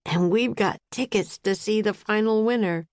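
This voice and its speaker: Keen young boy, voiced by a woman in a kids' storybook, excited and earnest. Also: mid-range voice, moderate pace, no echo, clean studio sound, pitched above the performer's own voice, lightly acted. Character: enthusiastic young boy, bookish.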